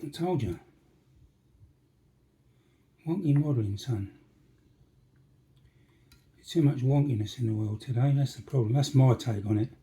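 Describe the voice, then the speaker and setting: Fast-talking with hardly any pauses, this model railway fan has a warm, medium-pitched voice with a breathy edge. At his workbench he jokes and chats to himself while doing a casual model-making demonstration.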